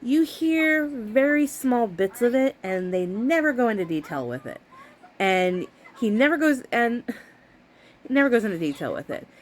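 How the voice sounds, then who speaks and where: A woman's voice: fairly high pitch, sing-song, moderate pace, slight background noise. A woman vlogging at home, chatting casually to camera about a book she dislikes, sarcastic and exasperated, laughing often.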